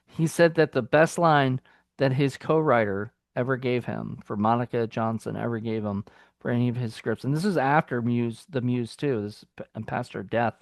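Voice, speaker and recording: Gravelly man rambling about movies. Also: medium pitch, moderate pace, no room sound, studio quality. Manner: rambling, loose, with many fillers and restarts. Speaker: film review podcast co-host. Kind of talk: casual film review chat.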